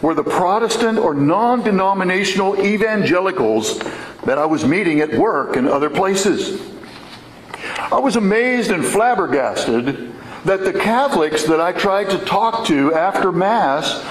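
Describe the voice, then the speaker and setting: A man giving a sermon in a church, telling his story in a slow, earnest way. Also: fairly high pitch, roomy sound, slight background noise, low-quality recording. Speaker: preacher.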